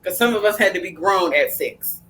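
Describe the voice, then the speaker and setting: A woman's voice: fairly low pitch, expressive, moderate pace, fairly bright tone, soft background music, poor audio. Blunt, storytelling woman podcast host. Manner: storytelling, acting out family dialogue; frank, blunt, with mild cursing. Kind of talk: casual podcast chat.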